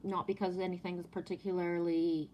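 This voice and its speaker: A woman's voice: fairly low pitch, little pitch movement, brisk, muffled recording, a little hiss or hum. A woman with a French accent chatting casually on a live stream, greeting viewers by name and reading from oracle cards.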